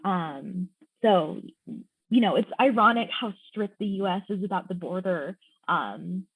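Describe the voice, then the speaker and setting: A woman's voice: fairly low pitch, measured pace, breathy edge, no room sound, poor audio. A young woman from South Texas chatting casually on a podcast, filling her talk with "like.". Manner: filler-heavy, says like constantly. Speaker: podcast host. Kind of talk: casual chat.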